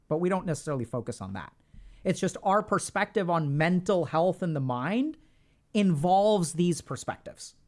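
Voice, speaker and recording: A middle-aged man hosting a livestream, lecturing his chat in a casual, emphatic way and repeating phrases for stress. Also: fairly high pitch. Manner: informal, talks to chat directly. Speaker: streamer host discussing mental health.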